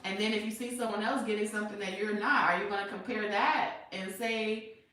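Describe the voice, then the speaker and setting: A woman's voice: medium pitch, steady tone, fairly quick, sharp tone. A woman giving a casual tarot reading to her viewers, talking emphatically and bluntly with lots of rhetorical questions. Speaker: tarot reader. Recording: echoey room, far from mic.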